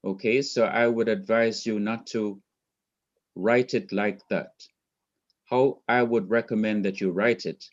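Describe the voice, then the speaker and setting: Slow patient Jamaican man teaching. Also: fairly low pitch, lo-fi sound. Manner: patient, repeats points slowly. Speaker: Hebrew teacher. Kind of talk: online class lecture.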